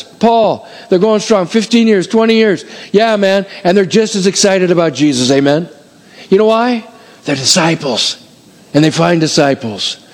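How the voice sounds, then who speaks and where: A male pastor giving a conversational, emphatic sermon in a church, polling the congregation with quick repeated phrases like an auctioneer. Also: fairly high pitch, poor audio. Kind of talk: expository sermon. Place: church sanctuary before a congregation.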